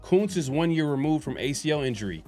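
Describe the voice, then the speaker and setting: A man's voice: on the high side, big pitch swings, fast talker, a little mellow, faint music behind. Rambling male sports podcaster. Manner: rambling, hesitant, many fillers and restarts. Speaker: podcast host. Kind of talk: casual sports podcast chat.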